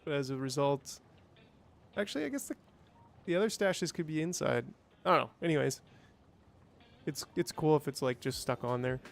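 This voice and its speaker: A man's voice: on the high side, lively intonation, moderate pace, creaky, long pauses. A man streaming a game, chatting casually and thinking aloud, with playful sound effects. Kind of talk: casual gameplay livestream chat.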